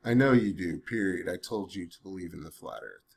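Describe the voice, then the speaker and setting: A low-voiced man dictates to a chatbot, sounding animated and fairly quick, with a creaky, darkish tone and a breathy edge. He reads punctuation aloud, banters while testing it, and says his accent is weird. His irritation builds until he curses.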